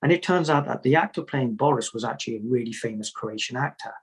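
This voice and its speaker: Husky-voiced man telling stories. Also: medium pitch, fast talker, low-quality recording. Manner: storytelling, repeats words, jokey asides. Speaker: Sufi teacher, guest. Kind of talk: conversational interview answers.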